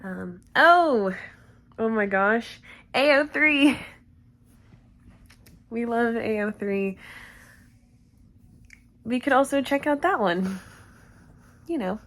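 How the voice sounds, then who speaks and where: A woman's voice: on the high side, expressive, slow, long pauses, fairly bright tone. A woman creator chatting casually with viewers and reading fanfiction aloud, giggly and self-conscious, with lots of asides.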